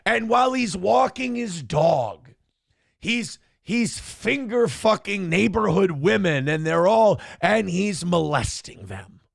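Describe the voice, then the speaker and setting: A man imitating an excitable man who shouts and blows small stories up into wild accusations. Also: sits high, takes it slowly, vocal fry, no echo, studio quality, full character voice. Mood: frantic. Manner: shouting, breathless, escalating exaggeration.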